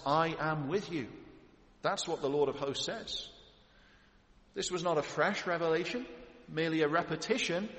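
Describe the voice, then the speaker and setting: A man's voice: a little high, a bit bright. A man preaching an expository sermon in a church, building to emphatic lists of titles. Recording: echoey hall with long reverb.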